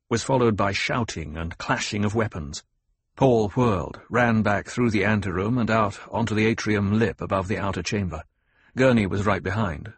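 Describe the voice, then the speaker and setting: A man narrating an audiobook in a steady, measured way. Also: lowish voice, slightly rough, no room sound. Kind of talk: scripted narration.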